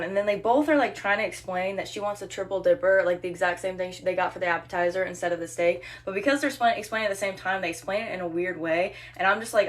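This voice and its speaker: A woman's voice: medium pitch, a little fast. Sarcastic young woman telling a story. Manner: sarcastic, animated storytelling with mock-sweet quoted voices. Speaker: restaurant server. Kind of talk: casual storytime vlog.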